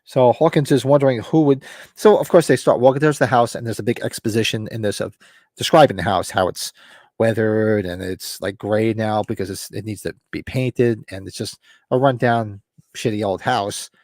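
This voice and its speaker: A man's voice: fairly low pitch, fairly even intonation, normal speed, darkish tone, dry recording, studio quality. Rambling man recapping a novel. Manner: rambling, loose retelling with fillers and acted quotes. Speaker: podcast host. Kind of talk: casual book club recap.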